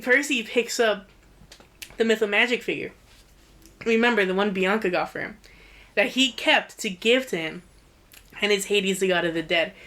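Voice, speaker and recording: A woman co-hosting a casual book-discussion podcast, recapping the story in a rapid, profane, animated way. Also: on the high side. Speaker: podcast co-host.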